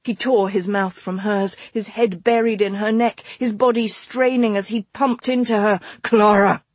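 A woman narrating a romance audiobook in a soft, slow, intimate read. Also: mid-range voice, steady tone, dry recording.

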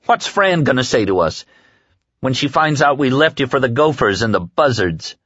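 A man voicing a young adult man who is desperate and near tears, in a high, strained, pleading voice. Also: very animated, normal speed, fairly bright tone, husky, no echo. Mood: anxious. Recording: dull lo-fi dry recording.

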